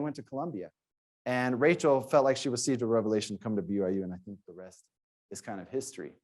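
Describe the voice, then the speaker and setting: A man, a sociology professor, giving an earnest conference presentation and telling stories, with frequent restarts. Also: on the high side.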